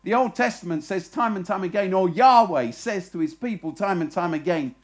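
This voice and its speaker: Animated preacher man telling a story. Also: sits high, normal speed. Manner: lively storyteller, acts out shouted voices. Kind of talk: sermon with storytelling. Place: festival stage.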